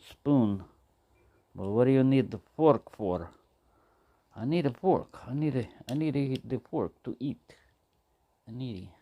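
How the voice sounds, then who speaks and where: Gravelly man chatting while he cooks. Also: lowish voice, warm tone. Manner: rambling, talks to himself and answers in silly voices. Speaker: outdoor cooking vlogger. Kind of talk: casual talk to camera while cooking.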